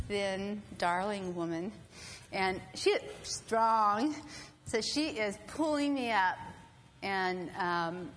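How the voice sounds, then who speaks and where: A woman telling a personal story to an audience, animated and acting out other people's voices. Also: mid-range voice, a little hiss or hum. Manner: animated, acts out quoted voices. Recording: long hall reverb, faint ambience.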